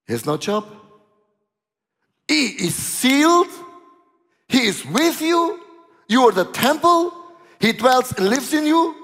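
A male pastor preaching a sermon, telling stories in an animated way with dramatic pauses. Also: extremely high pitch, big-room sound.

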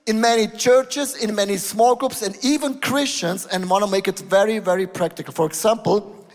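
Emphatic high-voiced male pastor in a reverberant hall. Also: normal speed. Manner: emphatic, switching between lowered tones and raised exclamations. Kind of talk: sermon. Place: church hall.

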